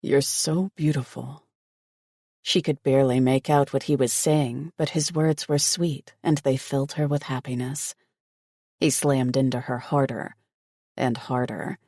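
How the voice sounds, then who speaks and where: A man reading a romance audiobook in scripted narration, slow and steady. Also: mid-range voice, no room sound, clean studio sound.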